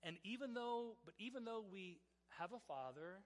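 A man with a high voice delivers a relaxed, story-driven sermon as a pastor, circling back and restarting phrases as he thinks aloud. His voice rings out with a long reverb that trails through a large church hall. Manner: halting, often repeats and restarts words.

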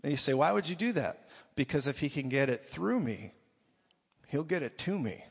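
Animated male preacher in a reverberant hall. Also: on the high side, moderate pace, gravelly, slightly rough, lo-fi sound. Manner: animated, swings from quiet to shouting. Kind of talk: sermon.

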